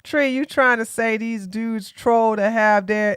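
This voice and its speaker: A woman's voice: fairly high pitch, fairly even intonation, a little slow, smooth, no echo, studio quality. A tired woman from Georgia, hosting a casual political live stream and talking bluntly to her chat. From Georgia, USA. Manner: blunt, sassy, talks straight to chat.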